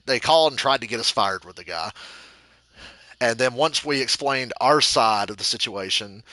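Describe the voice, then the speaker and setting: A young man commenting over a wrestling video game, telling a rambling, profane story that breaks into shouts. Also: medium pitch, no room sound. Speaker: gaming channel host.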